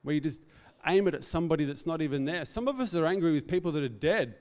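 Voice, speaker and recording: A man's voice: a little high, animated, quick pace, a little mellow, long reverb tail. Earnest man preaching a sermon. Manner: earnest, reflective, speaks off the cuff. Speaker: pastor.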